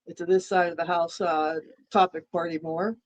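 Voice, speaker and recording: A woman's voice: on the low side, level tone, moderate pace, lo-fi sound. A woman co-hosting a casual livestream chat, rambling and repeating herself while she eats dinner. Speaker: livestream co-host.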